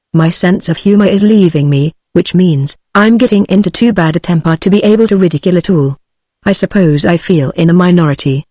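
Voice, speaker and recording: A woman's voice: on the low side, no room sound, studio quality. Synthetic British woman reading a novel. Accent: British English. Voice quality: even machine-read delivery that reads punctuation aloud. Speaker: audiobook narrator. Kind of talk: synthetic text-to-speech book reading.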